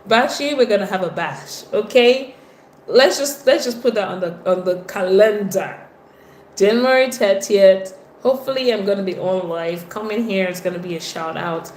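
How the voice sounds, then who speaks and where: Nigerian-accented woman hosting a live stream, chatty and warm with viewers, roomy echo, faint hum behind. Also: mid-range voice, normal speed. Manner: chatty, greets viewers by name, lively exclamations. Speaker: livestream host. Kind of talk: casual livestream chat reading viewer comments.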